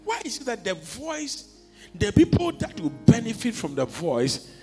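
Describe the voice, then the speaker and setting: A man preaching a sermon as a pastor, telling stories and swinging from quiet asides to shouts. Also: sits high, wildly swooping pitch, a little slow. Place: church hall. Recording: long hall reverb with faint music.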